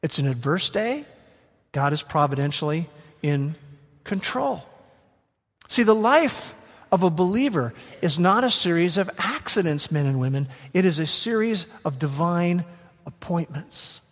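High-voiced man preaching in a reverberant hall. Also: expressive. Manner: emphatic, slows down to stress key words. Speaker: pastor. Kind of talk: sermon.

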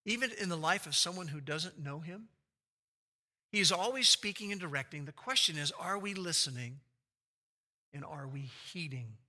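Bright-voiced male preacher asking rhetorical questions. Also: fairly high pitch, expressive, normal speed. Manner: expository, with rhetorical questions to the audience; acts out quoted speech with big shifts in loudness. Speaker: pastor. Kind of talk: sermon.

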